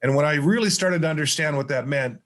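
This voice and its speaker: A middle-aged man, a motivational speaker appearing as a podcast guest, telling stories in a lively way and acting out the dialogue. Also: fairly high pitch, fast talker. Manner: animated storyteller who acts out dialogue. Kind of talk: storytelling interview chat.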